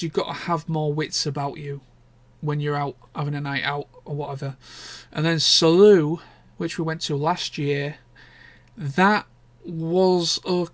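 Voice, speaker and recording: A man's voice: fairly high pitch, no room sound. A young man, chatting casually and candidly in a rambling vlog catch-up, with the odd swear word. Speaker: vlogger. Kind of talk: casual chat.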